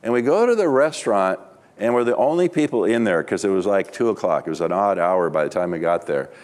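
A man's voice: on the low side, lively intonation, brisk, darkish tone. A middle-aged man, a pastor, preaching a sermon with humorous personal stories in a chatty, conversational way.

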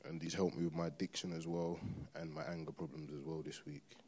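A man giving a personal testimony to a church congregation, hesitant and halting with many pauses. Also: extremely low pitch, little pitch movement, a little mellow.

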